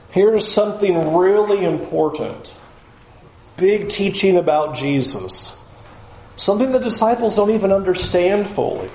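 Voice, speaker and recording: A man's voice: extremely high pitch, echoey room, rough recording. A man preaching a sermon as pastor, conversational and humorous, acting out quoted voices along the way.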